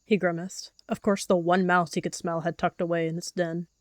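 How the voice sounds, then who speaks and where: A woman calmly narrating a game role-play as a story. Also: lowish voice, moderate pace, dry recording, studio quality.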